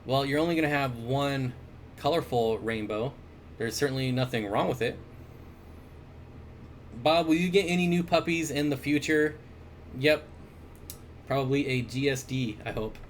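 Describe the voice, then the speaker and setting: A man hosting a casual livestream, reading viewer comments aloud and answering aquarium questions in a relaxed, chuckling way with lots of fillers. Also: medium pitch, measured pace, pauses often, slight background noise. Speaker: aquarium store owner and livestream host. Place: indoors, at his fish room or store. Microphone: desk mic.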